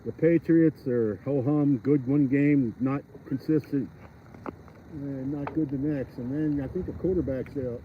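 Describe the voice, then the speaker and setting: A man's voice: mid-range voice, unhurried. A man ice fishing outdoors, chatting and joking with his viewers on a live stream from his phone. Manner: chatty, rambling and jokey, talks to viewers. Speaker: fishing vlogger. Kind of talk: casual live-stream chat. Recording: dull lo-fi phone audio outdoors. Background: wind.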